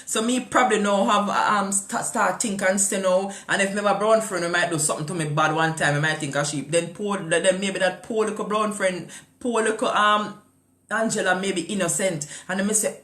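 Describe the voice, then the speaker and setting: A woman's voice: mid-range voice, fairly even intonation, fairly quick, a bit bright, echoey room. A woman with a Jamaican accent hosting a morning show in casual chat. She talks with passion, firing rhetorical questions and mixing patois with English.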